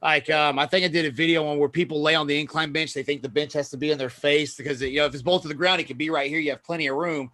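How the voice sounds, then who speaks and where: A man's voice: on the high side, steady tone, very fast, few pauses, pushed and bright. A man hosting a casual podcast, a personal trainer ranting about gym manners in profane, heated bursts and acting out arguments.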